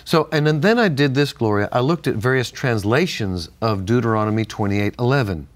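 Older man, lively storytelling voice. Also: mid-range voice, a little fast. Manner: animated storyteller, laughs often. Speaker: co-host of a Christian talk program. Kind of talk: casual chat with storytelling.

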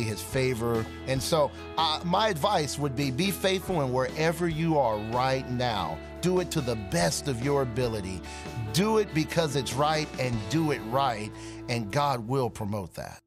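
A man sharing a personal testimony in an earnest, animated way, acting out the dialogue he quotes. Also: medium pitch. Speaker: ministry partner giving a testimony. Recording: guitar music playing underneath. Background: soft guitar music.

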